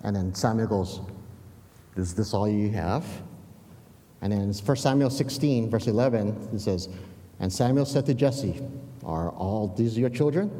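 A man delivering a sermon in a relaxed, conversational manner, stumbling over and repeating words as he goes and checking in with his listeners. His voice sits low and sounds mellow and warm. The sound carries a long reverb, as if in a large hall. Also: a little slow. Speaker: pastor.

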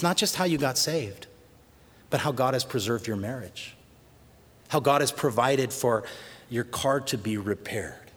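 A middle-aged man preaching a sermon as pastor, swinging between loud praise and hushed storytelling. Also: medium pitch, animated, unhurried, long pauses, husky. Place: church sanctuary. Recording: long reverb of a large hall.

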